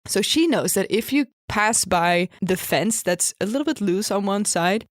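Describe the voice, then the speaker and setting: A woman's voice: medium pitch, expressive, moderate pace, no echo, studio quality. A woman co-hosting a podcast, improvising a story in a chatty, rambling way with frequent laughs. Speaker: podcast co-host.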